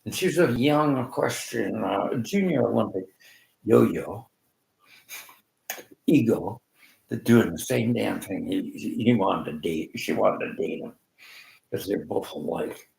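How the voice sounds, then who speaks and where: An older man from Canada tells rambling personal stories in a gravelly, unhurried voice. His pitch swings a lot as he acts out the people he quotes. The sound is echoey, as if recorded in a bare room. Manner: rambling, animated storyteller acting out quoted voices. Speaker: vlogger.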